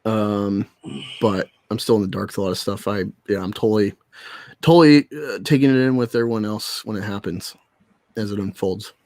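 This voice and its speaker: A man's voice: on the low side, moderate pace, darkish tone, no room sound, clean studio sound. A man chatting casually on a podcast, giggling often and talking with lots of energy. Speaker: podcast co-host.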